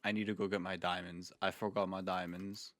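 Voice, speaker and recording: A man's voice: low-pitched, level tone, brisk, fairly bright tone. A man giving casual gameplay commentary as a video creator, jokey and rambling, with playful asides.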